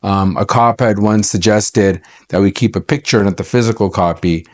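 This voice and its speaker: A man's voice: fairly low pitch, moderate pace. A middle-aged man from Canada, an accountant, telling a personal story to camera in a chatty, aggrieved way with many fillers and restarts.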